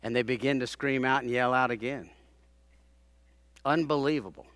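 A man preaching a sermon, dramatically acting out the people he quotes, rising to loud peaks and dropping to hushed tones. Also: moderate pace, no echo. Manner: dramatic, acts out quoted speakers with big swings in loudness; drops to hushed low tones for emphasis.

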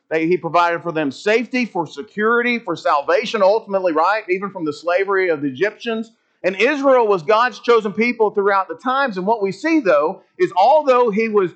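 A man's voice: sits high, fairly bright tone, lo-fi sound. A man teaching a church Bible lesson, earnest and explanatory, asking his class rhetorical questions.

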